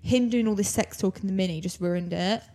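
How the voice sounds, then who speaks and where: Animated young woman, husky voice. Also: medium pitch, brisk. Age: young adult. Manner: animated storyteller, acts out quotes. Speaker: podcast co-host. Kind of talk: casual chat, storytelling.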